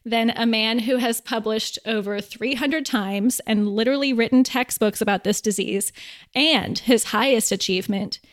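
A woman's voice: on the high side, normal speed. A woman co-hosting a podcast interview, introducing the guest in a playful way. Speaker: podcast co-host.

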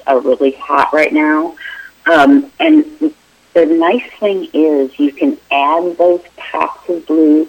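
A woman's voice: deep voice, a little mellow, rough recording. A middle-aged woman interior designer, a guest in a remote interview, explaining her work in a friendly, informal way with many fillers.

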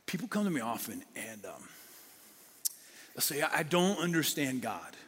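A middle-aged male pastor with a fairly high, bright and forceful voice delivers a sermon. He swings between lively talk and near-whispered emphasis. His voice carries a long reverb from a large hall. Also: moderate pace, breathy edge. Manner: dynamic, drops to a whisper for emphasis.

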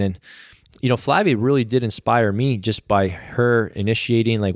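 Sincere, low-voiced man guest. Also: a little mellow, no echo, studio quality. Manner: sincere, reflective, with frequent fillers. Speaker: interview guest. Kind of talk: casual conversation.

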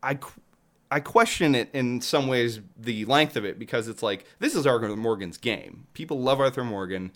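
A young man chats loosely about a game he played. He swears a lot and breaks into laughs. His voice sits at a middle pitch. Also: moderate pace, fairly bright tone. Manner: chatty, swears freely, laughs often. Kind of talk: casual chat.

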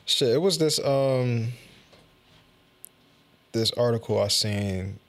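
A man's voice: mid-range voice, slow. A young man in casual chat who speaks in short, laid-back remarks and laughs often.

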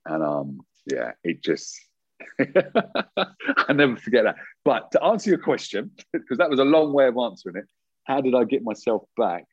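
A man telling a personal story as an interview guest, animated and quick, with many restarts and fillers. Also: medium pitch, slightly rough, dry recording, lo-fi sound.

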